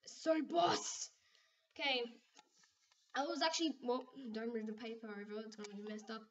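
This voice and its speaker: High-voiced young girl rambling. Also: brisk. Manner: chatty, rambling, many fillers and restarts. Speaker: vlogger. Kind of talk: casual draw-my-life narration. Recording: distant, dull lo-fi home video mic.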